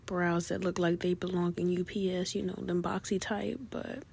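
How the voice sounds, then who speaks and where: A woman talks through her makeup routine in an easy, rambling way, stopping on "um" and fixing her words as she goes. Her delivery stays level, with little rise and fall, and a lot of creaky fry. A faint hiss sits under her voice. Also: on the low side, moderate pace. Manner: relaxed and chatty, full of "um" and self-corrections. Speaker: beauty vlogger. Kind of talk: casual makeup tutorial narration.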